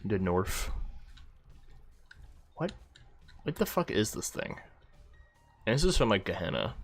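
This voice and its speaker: A man's voice: fairly low pitch, very animated, measured pace. A man streaming a game, rambling casually between gameplay remarks and answers to chat, often distracted and swearing.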